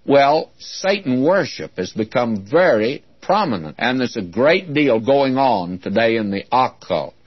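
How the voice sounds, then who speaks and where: An earnest, folksy man teaches an expository sermon. His mid-pitched voice is dry and close, with no room sound. The old lo-fi recording sounds dull and muffled. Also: husky, no echo. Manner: earnest, folksy, often calls listeners "friends". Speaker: preacher, Bible teacher.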